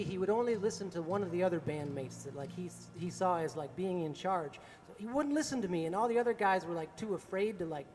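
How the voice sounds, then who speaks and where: Man from Appalachia, musician, loose chuckling storyteller; high voice, in a reverberant space. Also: a little mellow. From American South, Appalachia. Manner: casual, chuckling often, many filler words. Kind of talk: storytelling monologue. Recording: long reverb with faint music.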